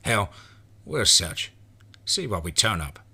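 A man voicing a gruff, profane frontier lawman in a horror story reading. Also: fairly low pitch, big pitch swings, takes it slowly, bright, forceful tone, exaggerated voice. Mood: grim. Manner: blunt and cursing. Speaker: frontier marshal. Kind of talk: voiced character in horror narration.

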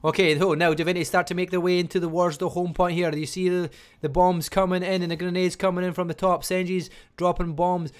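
A Scottish man casting a live online strategy game match, talking fast and chattily and barely stopping for breath. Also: sits high, level tone. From Scotland. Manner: fast, chatty, talks without pausing. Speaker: game caster. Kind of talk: live esports commentary.

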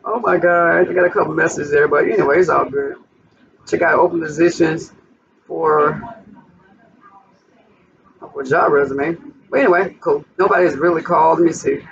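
A woman's voice: sits low, moderate pace, gravelly, pauses often. A woman hosting a cooking vlog in her home kitchen, chatting straight to her viewers as she cooks. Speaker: cooking channel host. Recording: distant, muffled, noisy.

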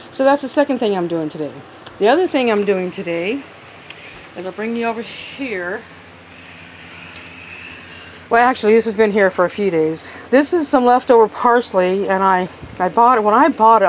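A woman's voice: medium pitch, a little hiss or hum, poor audio. Woman, casual home cooking vlog, phone recording, slightly winded, chatty. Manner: chatty, talks while working one-handed. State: out of breath. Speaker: cooking vlogger. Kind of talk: casual kitchen demonstration. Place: home kitchen. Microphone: handheld phone.

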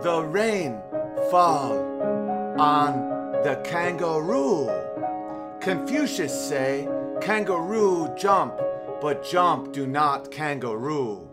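A man voicing a solemn old male sage, reciting proverbs slowly in a drawn-out sing-song way. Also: fairly high pitch, lively intonation, over loud music. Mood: solemn mock.

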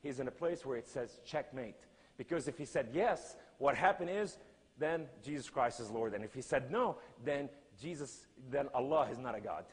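A man preaching a sermon and telling a story in emphatic, non-native English, swinging between loud cries and hushed lines. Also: mid-range voice, normal speed, breathy edge, big-room sound.

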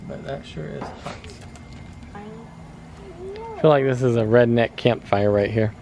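A man's voice: medium pitch, huge pitch swings, takes it slowly, gravelly, a little mellow, a little hiss or hum. A man with an American accent chatting casually to the camera in a family vlog while cooking outdoors at a backyard grill. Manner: easygoing, talks straight to camera. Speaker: family vlogger.

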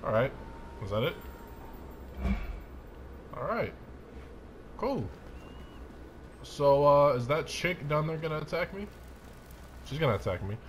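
A man's voice: fairly high pitch, very animated, slow, long pauses, slight background noise. A young man giving hyped let's-play commentary, trash-talking and whooping as he plays. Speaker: gameplay commentator.

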